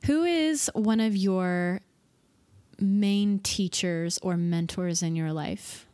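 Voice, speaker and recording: A woman hosting a podcast interview, upbeat and enthusiastic as she asks quick questions. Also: fairly low pitch, mellow. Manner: bubbly, enthusiastic. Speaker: podcast host.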